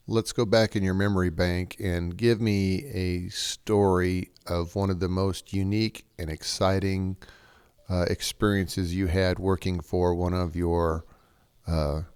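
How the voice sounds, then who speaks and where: Deep-voiced man hosting a podcast. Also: darkish tone, clear, resonant tone. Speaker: podcast host. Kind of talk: interviewing a guest.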